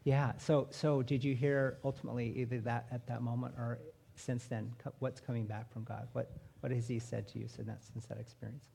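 A man hosting a live interview in an earnest, encouraging way with halting phrasing. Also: medium pitch, little pitch movement, creaky, dark tone, slight background noise. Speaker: men's group member hosting the interview.

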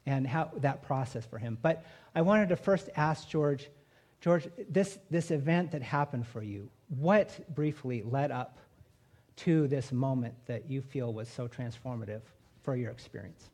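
A man hosts a live interview, earnest and encouraging, his phrasing halting as he works toward each question. His voice has a gravelly, husky grain at a middle pitch. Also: darkish tone. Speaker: men's group member hosting the interview.

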